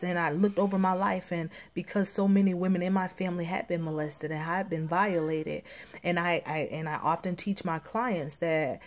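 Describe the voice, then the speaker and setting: A woman's voice: on the low side, fairly even intonation, normal speed. A woman from Florida, working as a life coach, giving an intimate, emphatic personal testimony that sometimes drops to near whispers.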